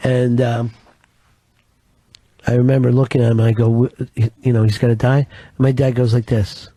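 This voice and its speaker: A man telling a dark comic story in a deadpan, profane way. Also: mid-range voice, moderate pace, long pauses. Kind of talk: comedic storytelling.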